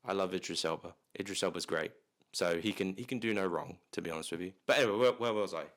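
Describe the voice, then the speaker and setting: A man's voice: low voice, quick pace, fairly bright tone. A man reviewing a movie in a casual, rambling way, full of restarts, fillers and jokey asides.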